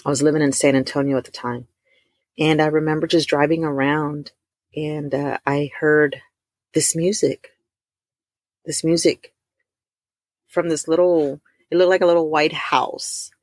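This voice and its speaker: A middle-aged woman, telling a heartfelt personal testimony to her listeners, warm and emotional, calling them y'all. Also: deep voice, steady tone, no room sound, clean studio sound. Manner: emotional, addresses listeners as y'all, drawn-out emphasis. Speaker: host of a faith talk stream.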